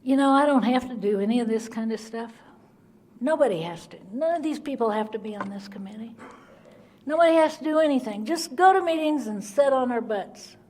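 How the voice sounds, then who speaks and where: A woman's voice: a little high, fairly quick, hardly any pauses, darkish tone. A middle-aged woman, telling her recovery story bluntly and earnestly at a speaker meeting. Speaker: Al-Anon speaker. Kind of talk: recovery talk, personal story.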